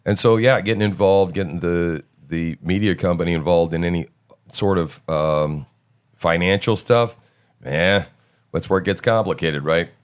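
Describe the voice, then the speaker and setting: A middle-aged man with a very low, smooth and resonant voice, hosting a casual stream. He talks loosely and rambles, full of fillers and restarts. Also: normal speed. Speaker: show host. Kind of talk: casual live-stream chat.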